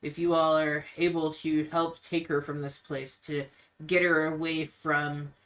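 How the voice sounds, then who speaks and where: A woman voicing a grieving, protective young man who speaks in a somber, measured, apologetic way. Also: low-pitched, level tone, fairly bright tone.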